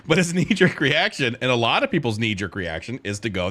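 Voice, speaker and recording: A man's voice: lowish voice, sing-song, fairly quick, fairly bright tone. A young man streaming and chatting casually while gaming, rambling and profane, laughing at his own stories.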